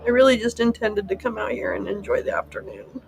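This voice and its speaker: A woman's voice: mid-range voice, big pitch swings, a little fast, gravelly, background noise. A middle-aged woman hosting a live stream, talking in an emotional, rambling and profane way because she is upset.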